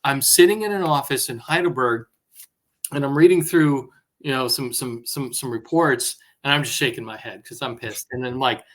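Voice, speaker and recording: A man speaking as a guest in a casual podcast conversation, telling animated stories and acting out what people said. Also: medium pitch, normal speed. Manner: animated storyteller who acts out dialogue. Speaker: guest, former intelligence analyst.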